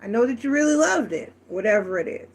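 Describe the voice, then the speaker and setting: A woman's voice: a little high, expressive, fast talker, breathy edge. A woman giving a casual, frank tarot reading, chatty and full of restarts. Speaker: tarot reader.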